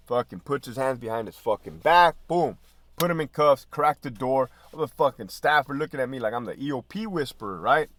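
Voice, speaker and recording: A middle-aged man, a former prison officer, telling a profane, lively story in casual podcast talk. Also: medium pitch, normal speed, no room sound. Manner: profane, animated storytelling with laughs and quoted dialogue.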